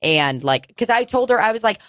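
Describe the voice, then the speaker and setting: A woman's voice: medium pitch, expressive, dry recording. Young woman, casual podcast co-host, blunt and profane, dry close sound. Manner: candid, swearing, talks fast when quoting herself. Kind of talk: casual chat.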